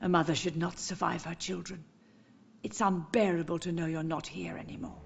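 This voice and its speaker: A woman voicing a grieving elderly mother in a game, speaking softly and tenderly, with a gentle, sorrowful manner. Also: on the low side, level tone, normal speed, gravelly, lo-fi sound. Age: older. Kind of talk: game voice acting.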